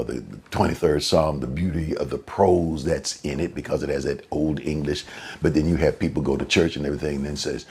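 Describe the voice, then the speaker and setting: A man preaching a sermon in a conversational way. He repeats and restarts phrases, and his pitch and volume jump up suddenly for emphasis. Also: a little mellow, husky. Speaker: pastor.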